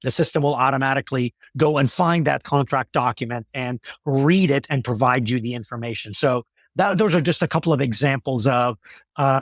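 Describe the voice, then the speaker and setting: A male company executive explaining his ideas in a business interview, in a measured way with many fillers and restarts. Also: medium pitch, dry recording, clean studio sound.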